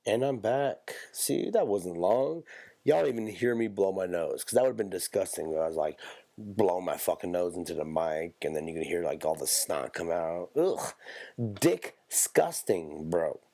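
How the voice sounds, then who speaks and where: A man's voice: deep voice, normal speed, vocal fry, warm tone, no room sound. A man hosting a solo podcast in loose, profane, rambling casual chat with joking asides, coughing and stuffed up from allergies. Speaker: podcast host.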